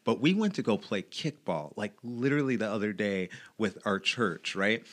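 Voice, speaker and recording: A man's voice: fairly low pitch, animated, moderate pace, a bit bright. A man in a casual podcast conversation, telling stories animatedly and acting out the voices of the people he quotes. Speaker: guest.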